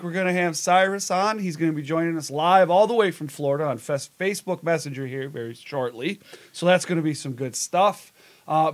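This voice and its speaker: Upbeat chatty male show host. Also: sits high. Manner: upbeat, chatty, greets viewers. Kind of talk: casual live-stream chat.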